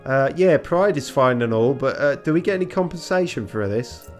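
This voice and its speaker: A man's voice: mid-range voice, lively intonation, normal speed, darkish tone, faint music behind, pitched above the performer's own voice, close to an everyday voice. A man voicing a cheeky, greedy young male sparrow assistant who keeps complaining.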